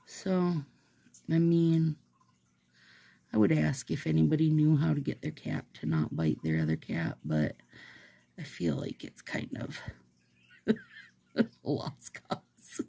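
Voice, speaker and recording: A woman vlogger chats casually while she does a manicure. Her voice is slow and mellow, with a gravelly, husky texture. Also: sits low, expressive. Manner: rambling, chatty, laughs often.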